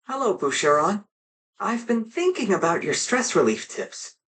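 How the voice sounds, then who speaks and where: An actor voicing a kind, composed young male hero in a video game, speaking softly and sincerely. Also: high voice, big pitch swings, moderate pace, poor audio.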